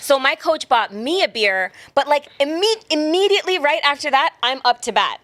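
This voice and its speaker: Young woman podcast co-host, dramatic storyteller, bright tone, higher voice. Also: moderate pace. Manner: dramatic, excitable, acts out her own reactions. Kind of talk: casual chat, animated storytelling.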